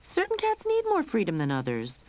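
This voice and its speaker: A woman voicing an anxious, gentle young male cat in a game storybook, worried and prone to stammer. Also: a little high, wildly swooping pitch, moderate pace, pitched above the performer's own voice.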